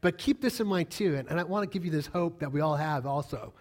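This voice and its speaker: A man's voice: fairly high pitch, fast. A middle-aged man preaching a sermon as pastor, emphatic, repeating key lines and asking the congregation questions.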